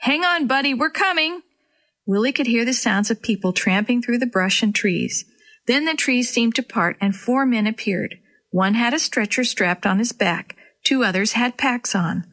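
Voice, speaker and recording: A woman storyteller reading a chapter book aloud to children in a gentle, expressive way. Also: fairly high pitch, moderate pace.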